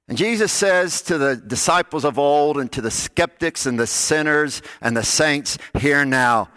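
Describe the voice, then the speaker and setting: A man preaching a sermon, telling stories and dropping to soft, low tones on key lines. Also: measured pace, hardly any pauses, clean tone, no echo. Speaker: pastor.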